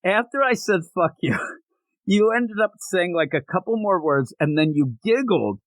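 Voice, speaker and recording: Podcast co-host, male, lively swooping delivery, slightly high voice, rambling with frequent laughs and cursing. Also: moderate pace, dry recording. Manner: rambling, laughing often, swears freely. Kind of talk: casual comic book podcast chat. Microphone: remote recording setup, not in the same room.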